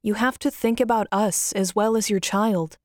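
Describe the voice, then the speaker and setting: A woman's voice: mid-range voice, fairly even intonation, moderate pace, a little mellow, dry recording, clean studio sound, lightly acted. Woman playing a firm, caring father. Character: stern but caring father, middle-aged man.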